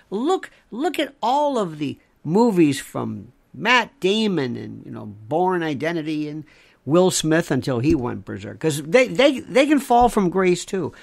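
A gravelly voice delivers a slow, deliberate monologue. The pitch swings widely as the speaker stacks phrase upon phrase for emphasis, like a commentator hammering home a point. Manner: emphatic, piles up repeated phrases in lists.

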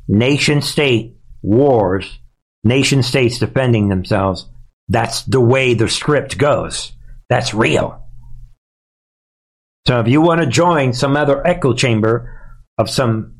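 A man hosting a political commentary livestream. He is emphatic and combative, and keeps calling his audience "ladies and gentlemen.". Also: medium pitch, animated, takes it slowly, pauses often. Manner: indignant and combative. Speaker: talk show host.

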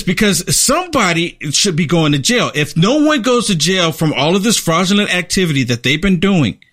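A man with a notably high voice hosts an opinionated talk show. He hammers his points by repeating lines over and over. His tone stays emphatic and insistent throughout. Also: fairly bright tone. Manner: emphatic, repeats phrases for effect. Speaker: show host and political commentator. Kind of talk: opinionated commentary chat.

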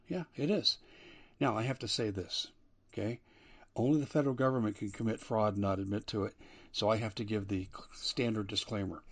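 On his talk radio show, a man with a husky, mid-range voice launches into an emphatic monologue. His delivery climbs and dips with indignation.

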